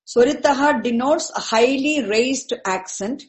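A woman, teaching a class in a patient, repetitive way and saying terms slowly. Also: sits high, low-quality recording. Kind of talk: explaining Vedic chanting accents to a class.

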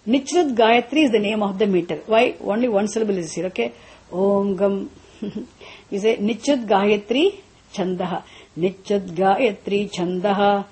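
Mellow-voiced woman teaching mantras. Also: medium pitch. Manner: patient, repeats and restarts, chants slowly. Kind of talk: teaching a class, chanting mantras.

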